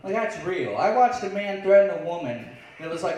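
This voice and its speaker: A man's voice: high-pitched, expressive, moderate pace, few pauses, crowd noise. A man doing a stand-up comedy set in a lounge, sarcastic and acting out online voices. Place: lounge stage before a live audience. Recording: very echoey, far from the mic.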